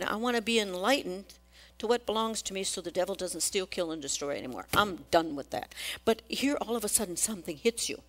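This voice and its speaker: A woman's voice: medium pitch, a bit bright. A woman preaching a sermon in a church, asking the congregation questions and acting out quotes.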